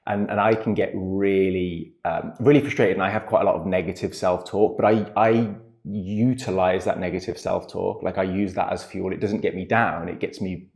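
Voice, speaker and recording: A man, co-hosting a casual chat and speaking in an earnest, reflective, measured way. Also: low voice, fairly even intonation, gravelly, a little mellow. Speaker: podcast co-host, coach.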